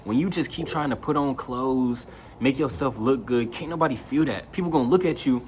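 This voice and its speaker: A man's voice: medium pitch, brisk, slight background noise. A young man talking straight to camera in a loose, slangy monologue, raising his voice when he quotes his friends. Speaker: vlogger.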